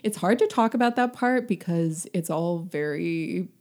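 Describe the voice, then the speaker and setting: A young woman co-hosting a casual book discussion. She rambles in an animated way, with many fillers and laughs. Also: lowish voice, measured pace. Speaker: podcast co-host.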